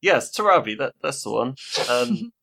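A man's voice: mid-range voice, big pitch swings, moderate pace, gravelly, bright, forceful tone. A man playing a tabletop game, talking in and out of character in a stammering, giggly way. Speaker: player. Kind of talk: tabletop role-play, in and out of character.

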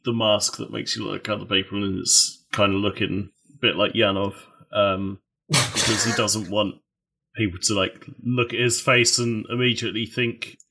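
A man playing a tabletop game, measured and a bit hesitant, choosing words carefully. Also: lowish voice, level tone, gravelly, sharp tone, slight background noise. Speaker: player. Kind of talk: tabletop role-play chat.

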